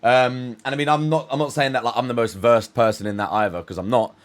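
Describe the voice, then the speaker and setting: A man's voice: medium pitch, steady tone, fast talker. A man from the UK hosting a reaction video, chatting casually and hesitantly with many restarts. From United Kingdom. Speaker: reaction channel host.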